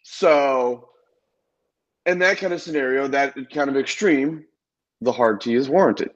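A man's voice: mid-range voice, a little slow. A young man from Ohio, co-hosting a podcast, telling a story in casual chat with plenty of swearing and teasing. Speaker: podcast co-host. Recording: dull lo-fi sound.

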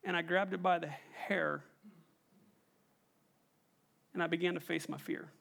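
High-voiced man preaching with a lively story. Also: brisk, creaky. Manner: animated storyteller, quizzing the congregation. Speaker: pastor. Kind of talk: sermon with a personal story.

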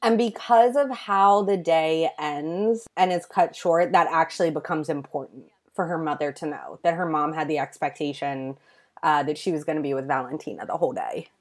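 A woman with a slightly low voice talks through episode recaps in a loose, gushing way. She peppers her sentences with "like" and little asides. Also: moderate pace. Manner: gushing, enthusiastic, lots of "like". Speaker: podcast co-host recapping a show. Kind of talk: casual chat.

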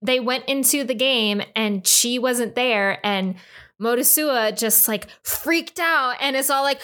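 A woman's voice: on the high side, slow. A woman co-hosting a podcast, chatting casually with lots of "like" and exasperated retellings. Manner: animated, heavy use of "like". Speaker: podcast co-host. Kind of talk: casual chat.

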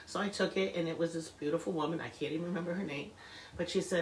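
A woman's voice: rapid-fire, a bit bright, roomy sound, slight background noise, rough recording. A middle-aged woman telling a personal story in a casual interview, chatty and acting out the voices of the people she quotes. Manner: chatty, acts out quoted voices with rising pitch and laughter. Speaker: guest sharing a personal story.

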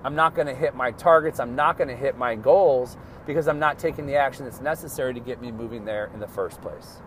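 A man's voice: medium pitch, fairly quick, slight background noise. A man hosting a motivational podcast as a success coach, talking emphatically and calling his listeners folks.

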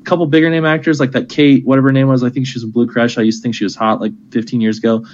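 A man's voice: medium pitch, little pitch movement, racing, a little mellow, lo-fi sound. A man co-hosting a casual podcast, rambling about shows he watched, laughing often and swearing casually. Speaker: podcast co-host. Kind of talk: casual chat among friends.

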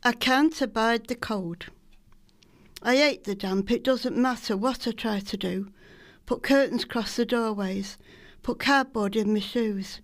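A woman's voice: on the high side, unhurried. Lancashire woman reading her poems. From Salford, England. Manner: homely, storytelling. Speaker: poet. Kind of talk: poetry reading.

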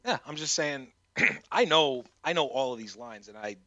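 A man talks animatedly as a podcast guest, laughing often and swearing casually. His voice is bright and forceful, recorded dry with a slightly muffled, lo-fi tone. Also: mid-range voice, expressive, moderate pace, no room sound. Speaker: guest prank caller.

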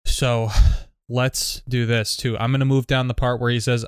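Man co-writing a sketch, animated, smooth and resonant, recorded close and dry. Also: medium pitch, normal speed, no room sound. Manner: animated, acts out lines, laughs often. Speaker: sketch co-writer. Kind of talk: casual script workshop chat.

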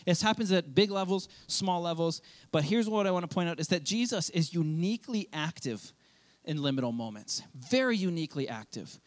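A man, a pastor, preaching a sermon in a loose, conversational way, acting out quick quoted asides. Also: high-pitched.

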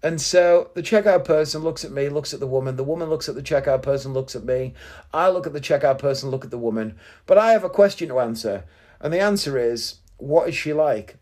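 A man's voice: a little high, fairly quick, darkish tone. A man telling a story as a casual monologue in an indignant, sarcastic ranting way. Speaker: podcast host.

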